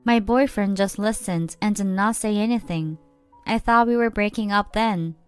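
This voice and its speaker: A young woman narrating a first-person story in a plain, steady way. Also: medium pitch, moderate pace, clear, resonant tone, soft background music.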